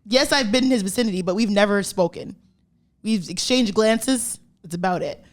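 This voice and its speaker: A woman's voice: mid-range voice, normal speed. A woman co-hosting a podcast, telling stories animatedly and acting out quoted dialogue in casual, profane chat. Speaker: podcast co-host.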